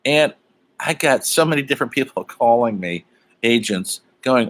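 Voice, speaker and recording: A man's voice: mid-range voice, lively intonation, moderate pace, fairly bright tone. A middle-aged man teaching an online college humanities class in a loose, chatty way, with lots of fillers and side stories. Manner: rambling, chatty, many fillers and asides. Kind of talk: casual online lecture.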